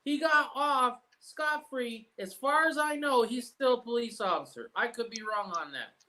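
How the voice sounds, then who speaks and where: A man's voice: extremely high pitch, moderate pace, bright, forceful tone, low-quality recording. Male host, casual chat, profane storyteller. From United States.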